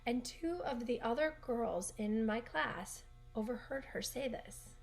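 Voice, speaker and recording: A woman's voice: on the high side, a little slow, vocal fry, faint music behind. Earnest woman coach telling a story. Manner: earnest, rambling, with frequent self-corrections. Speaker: gymnastics coach and gym owner. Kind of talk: casual heartfelt storytelling to camera. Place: her bedroom at home.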